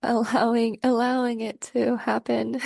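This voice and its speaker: A woman's voice: fairly high pitch, flat delivery, a little slow, vocal fry, darkish tone, no room sound, studio quality. A woman hosting a spiritual conversation, talking in an effusive, emotional way full of gushing praise. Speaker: host.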